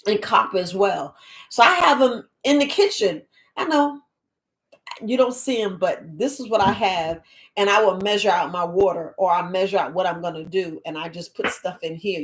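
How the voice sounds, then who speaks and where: A woman herbalist hosting a live podcast, talking to her viewers in a rambling, chatty, animated way. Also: medium pitch. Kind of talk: casual live-stream talk.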